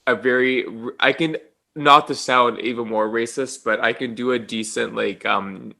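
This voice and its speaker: A young man co-hosting a casual podcast chat, playful and joking, quick to laugh. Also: medium pitch, steady tone, creaky, bright, forceful tone. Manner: playful, jokey, laughs easily. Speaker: podcast co-host.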